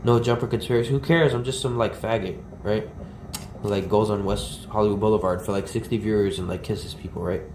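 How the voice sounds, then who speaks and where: A man's voice: on the low side, steady tone, a little fast, noisy background. A man livestreaming outdoors, ranting in a rambling, agitated and profane way. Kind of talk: ranting IRL stream talk. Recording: roomy, from the mic, faint ambience.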